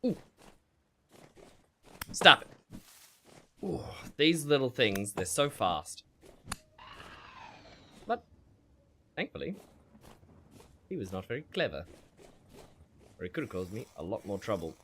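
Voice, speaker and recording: Speaking slowly with frequent pauses in a low voice, a man plays a survival game on stream, reading chat and narrating fights. He's animated, laughs a lot and talks to himself, and the recording has a little hiss or hum.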